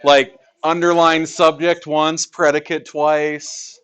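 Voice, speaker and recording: A man's voice: fairly high pitch, flat delivery, slow, fairly bright tone, smooth. A male math teacher teaching a class in a classroom, joking with students and asking rhetorical questions.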